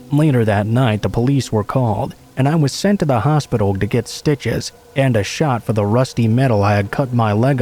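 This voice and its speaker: A man narrating true scary stories in a steady, measured storytelling voice. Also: medium pitch.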